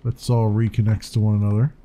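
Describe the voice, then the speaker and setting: A man's voice: on the low side, flat delivery, fast talker, dark tone, a little hiss or hum. A man casually commenting while playing a video game, chatty and wondering aloud. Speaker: let's play commentator.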